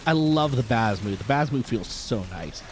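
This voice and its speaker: A man's voice: medium pitch, moderate pace, a little hiss or hum. An American man streaming a game live, chatting and joking with his viewers in a loose, playful way. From United States. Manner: jokey, animated, chatting with viewers. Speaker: vtuber streamer. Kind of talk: casual live-stream chat while gaming.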